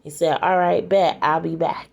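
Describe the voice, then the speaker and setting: Woman kinda low voice retelling a story, rushing thru the dialogue, lots of "and he said". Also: fairly even intonation, creaky. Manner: quick, chains quoted dialogue with "and he said".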